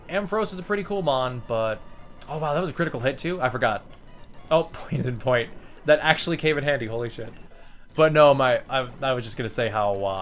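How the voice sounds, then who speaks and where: A man narrating his own gameplay in a loose, swearing, chatty way. His pitch sits mid-range but moves a lot, jumping up when something surprises him. Soft music plays faintly behind. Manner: chatty, profane, easily amused. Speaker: let's play host. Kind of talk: casual gameplay commentary.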